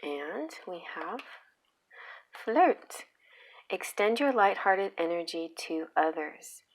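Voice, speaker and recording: Woman, tarot reader, lower pitch; casual, chatty, playful, laughs easily. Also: expressive, measured pace. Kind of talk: casual pick-a-card tarot reading.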